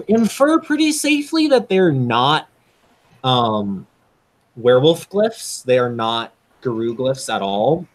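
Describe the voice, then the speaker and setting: Lively-voiced man running a tabletop game. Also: mid-range voice. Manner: relaxed, chatty, many ums and laughs. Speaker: game master.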